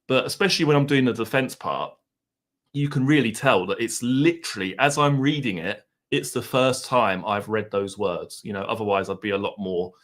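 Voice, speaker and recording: A man's voice: fairly low pitch, fairly bright tone. Chatty Essex man hosting a livestream. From Essex, England. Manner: chatty, self-deprecating, muses aloud. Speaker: livestream host. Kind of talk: casual livestream chat reading comments. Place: home.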